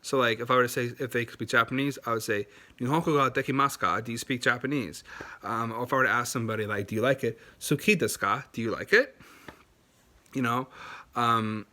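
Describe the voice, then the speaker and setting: Young man, bright voice, casual vlog talk, rambling, lots of fillers, mid pitch. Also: quick pace. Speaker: language-learning vlogger. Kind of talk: casual explanatory talk to camera.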